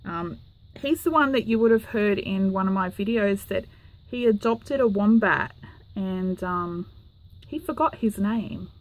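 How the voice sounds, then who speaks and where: A woman's voice: medium pitch, measured pace. An Australian woman hosting her craft channel, chatting casually to camera with lots of ums and little apologies. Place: home craft room.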